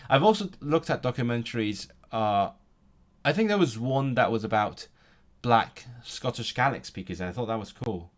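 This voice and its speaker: Grammar sparks sudden bursts of excitement from this man, though otherwise his speech in the relaxed online language lesson is halting, full of restarts while he gropes for words. His pitch is medium.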